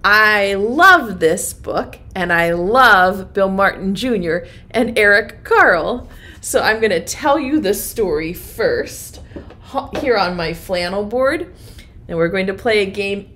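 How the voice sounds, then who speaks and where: A woman's voice: mid-range voice, animated, measured pace, pushed and bright. A woman, a preschool teacher, leading an online circle time and reading a rhyming picture book to small children in a sing-song voice.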